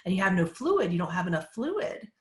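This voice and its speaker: A woman's voice: fairly low pitch, sing-song, brisk, echoey room. A woman working as a psychic medium, chatting in a live Q&A, laughing often as she passes on messages. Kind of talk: live Q&A chat.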